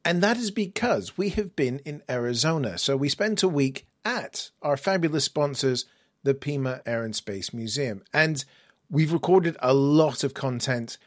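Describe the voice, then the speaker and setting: Man, English accent, podcast host, chatty, self-mocking, middle pitch, dry close sound. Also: normal speed, no room sound. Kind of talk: casual interview chat. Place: museum collections hangar.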